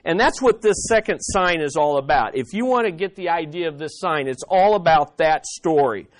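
A pastor delivers a sermon with a notably high-pitched voice. He tells stories in a lively, conversational way and speaks directly to his congregation. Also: moderate pace. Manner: animated storytelling preacher.

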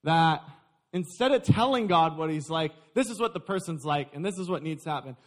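Young guy pastor preaching, high voice, lively and jokey with the crowd. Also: a little fast. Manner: lively, joking with the congregation. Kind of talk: sermon.

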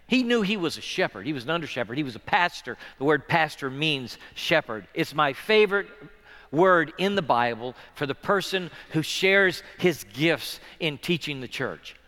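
A man preaching a sermon as pastor, earnest, moving between hushed passages and loud, swelling ones. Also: mid-range voice, lively intonation, moderate pace, in a large hall.

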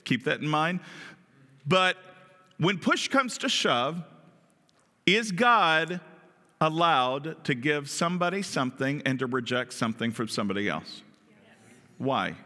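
A man's voice: a little high, expressive, unhurried, pauses often, pushed and bright. A man preaching a sermon in a conversational way, often asking his listeners questions. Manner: conversational, asks the congregation questions. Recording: long reverb of a large hall.

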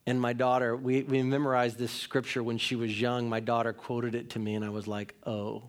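Pastor in his thirties, frank conversational sermon style, medium-pitched male voice, pokes fun at himself. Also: little pitch movement, moderate pace. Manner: conversational, candid storytelling with self-mocking humor.

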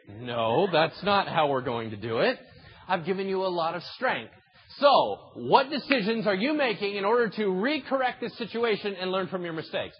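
Animated male pastor preaching. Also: a little high, slightly rough, muffled recording. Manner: animated, acts out dialogue between God and people. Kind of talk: sermon.

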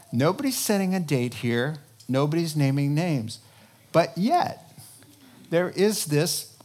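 Lively, slow-paced preacher giving a sermon. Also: mid-range voice. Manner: animated and joking, asks the crowd questions and acts out quoted voices. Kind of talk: sermon on end-times prophecy.

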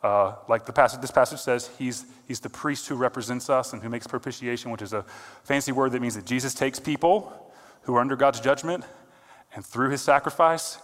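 A man delivers a sermon from the pulpit at a middle pitch, earnest and direct. He pushes up to emphatic peaks, then falls back almost to a murmur. His voice rings out with a long reverb tail from a church sanctuary. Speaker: pastor.

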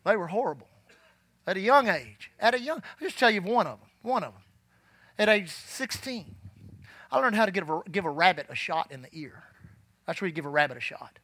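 Fervent high-pitched male preacher. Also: sing-song, fairly quick, no echo. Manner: fervent, rising to shouts; drops low and quiet when telling his past. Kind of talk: sermon. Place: church.

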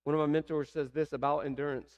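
A man's voice: fairly high pitch, level tone, fast, darkish tone, dull audio. A man with a Southern American accent preaching a sermon, asking the congregation rhetorical questions. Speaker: pastor.

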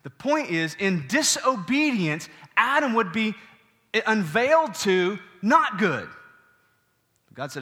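A man preaching a sermon in a bright, forceful voice pitched a little above the usual. He is animated and keeps asking his listeners questions. His voice carries a long reverb, as in a large hall. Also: takes it slowly. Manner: animated, asks the congregation questions. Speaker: pastor.

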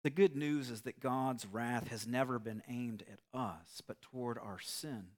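A man preaching a sermon, telling an illustrative story in an earnest, measured way. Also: medium pitch. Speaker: pastor.

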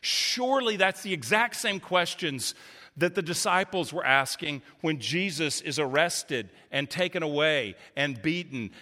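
A man preaching a sermon with a bright, forceful voice pitched a little high. His delivery is passionate when he voices cries to God and settles into reflective teaching. The sound carries a long reverb, as in a large church hall. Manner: impassioned, rising pitch on voiced laments to God. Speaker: pastor.

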